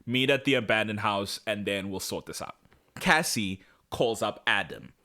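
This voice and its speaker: Man, podcast co-host, casual recap, bright tone, swooping lively pitch, acts out the lines. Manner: animated, acts out characters' lines in quick voices.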